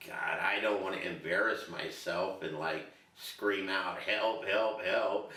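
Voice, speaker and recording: A man's voice: sits low, bright, forceful tone. An older man telling a rambling, self-mocking story in a casual interview. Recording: roomy echo, distant mic.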